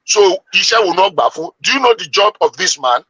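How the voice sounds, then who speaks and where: Emphatic man, bright and husky. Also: high-pitched, animated, fast talker, no echo, poor audio. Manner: emphatic, argumentative, long-winded. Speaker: debate panelist. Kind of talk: heated debate.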